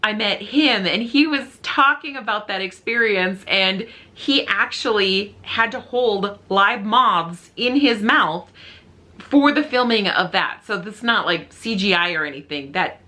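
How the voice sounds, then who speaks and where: A middle-aged woman from Minnesota chatting casually to camera in a question-and-answer video, self-deprecating and quick to laugh. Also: mid-range voice, lively intonation, pushed and bright. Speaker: YouTube vlogger.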